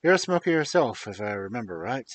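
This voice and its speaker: A man doing a hearty, mellow American-English gentleman. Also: medium pitch, big pitch swings, a little fast. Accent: mixed American and English. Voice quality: mellow, pleasing. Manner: loud, hearty, confident. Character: older American-English man, bold, genial, emerging from hiding.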